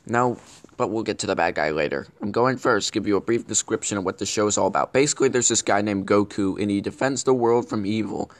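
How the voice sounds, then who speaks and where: A man's voice: lowish voice, fast, close to an everyday voice. A man playing a bumbling, scheming male villain who hosts a comedic web show, rambling and correcting himself as he goes. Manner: rambling, stumbling and self-correcting. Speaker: show host. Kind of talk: comedic character vlog.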